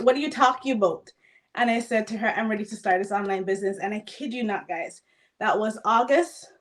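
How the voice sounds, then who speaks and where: A woman giving an emphatic, motivational personal testimony on a panel. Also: a little high. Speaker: business testimonial speaker.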